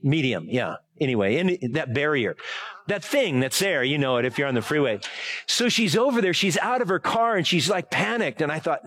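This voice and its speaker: A man's voice: a little high, big pitch swings, moderate pace, a bit bright. Chatty pastor man. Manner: rambling, chatty, many fillers and self-corrections. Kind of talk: casual sermon with personal story.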